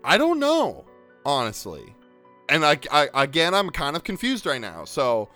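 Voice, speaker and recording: A man's voice: fairly high pitch, wildly swooping pitch, a little slow, sharp tone, faint music behind, exaggerated voice. A man voicing an angry, suspicious teenage boy who swears and stammers in a tabletop role-play.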